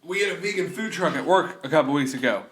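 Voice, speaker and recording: A man co-hosting a podcast, loud and crude, often bursting into laughter. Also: on the high side, animated, quick pace, echoey room. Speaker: podcast co-host. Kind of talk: crude comedic banter.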